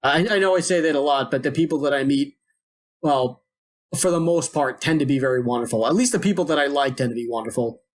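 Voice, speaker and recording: A man's voice: mid-range voice, quick pace. Rambling man telling a long story. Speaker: podcast co-host. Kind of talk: casual podcast chat.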